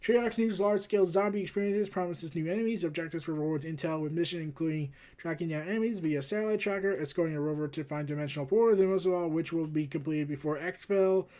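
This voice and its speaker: A man's voice: on the high side, fast talker, mellow. A man hosting a casual news commentary, rambling with sarcastic asides. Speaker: host.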